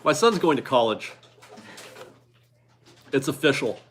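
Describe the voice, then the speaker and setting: A man's voice: mid-range voice, sing-song, measured pace. A man in his forties hosting a casual live stream from his garage, chatty and upbeat as he reads viewer donations aloud and laughs often. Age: 40s. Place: home garage.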